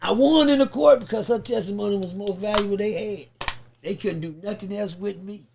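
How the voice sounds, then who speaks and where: A man tells a long story in a sit-down interview. His voice sits fairly high with a gravelly crackle. He is animated and profane, and he acts out everyone he quotes. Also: brisk. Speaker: guest.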